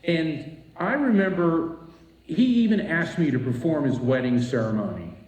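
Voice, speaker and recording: A man's voice: a little high, normal speed, a little hiss or hum. A man from Florida telling a personal story to a live audience, acting out the voices of people in it. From East Coast Florida. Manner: animated, acts out voices in his story. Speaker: speaker at a retreat. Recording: echoey room, voice from a distance.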